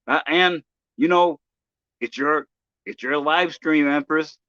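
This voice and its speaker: A man's voice: a little high, fairly bright tone, clean tone, no room sound, highs cut off. Stammering, profane man ranting on stream. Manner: halting, many restarts and stammers, profane. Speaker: live streamer. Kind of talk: casual livestream rant.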